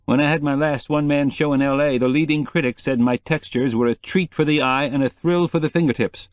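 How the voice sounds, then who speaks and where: A boastful male potter sulks over his critics, as a man voices him. His voice rides higher than the narrator's own, slow and self-important. The read is dry and close. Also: steady tone, no echo, lo-fi sound, natural voice. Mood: huffy. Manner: pompous, touchy.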